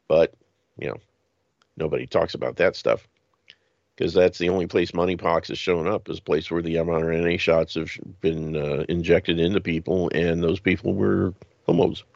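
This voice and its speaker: Gravelly deep-voiced man reading news sarcastically. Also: fairly even intonation, normal speed, a little mellow, no room sound, dull audio. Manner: mocking asides with chuckles. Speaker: podcast host.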